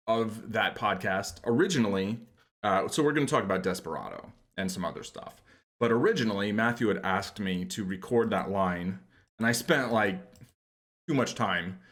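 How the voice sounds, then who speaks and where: A man from New York hosts a podcast, chatting loosely and wandering into self-deprecating asides. His voice sits a little low. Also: a bit bright. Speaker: podcast host. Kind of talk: casual chat.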